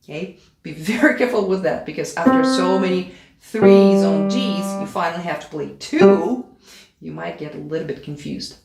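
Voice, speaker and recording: A woman's voice: fairly low pitch, animated, normal speed, vocal fry. A woman teaching a piano piece, counting beats aloud and checking in with her student. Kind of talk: play-along piano tutorial. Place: room with a piano. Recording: echoey room with loud piano. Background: piano playing.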